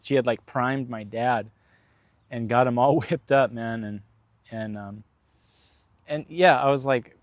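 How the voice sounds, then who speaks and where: A man's voice: mid-range voice, a little slow, long pauses, no echo. Rambling casual man telling a story. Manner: rambling, many fillers, frank and profane. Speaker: vlogger.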